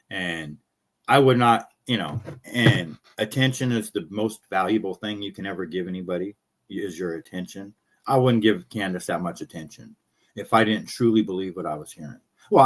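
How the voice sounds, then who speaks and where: A man ranting in casual commentary, blunt and profane, his voice going hoarse as he talks. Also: fairly low pitch. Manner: blunt, profane, fast-talking. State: losing his voice. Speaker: show host.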